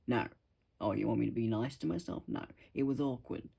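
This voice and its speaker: A man talking casually to his camera at home, rambling and self-deprecating, in a musing, soft-spoken way. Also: medium pitch, brisk, creaky, slightly rough. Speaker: vlogger.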